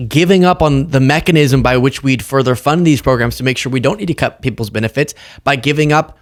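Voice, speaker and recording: A man hosting a political commentary show, talking casually with animated sarcasm. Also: mid-range voice.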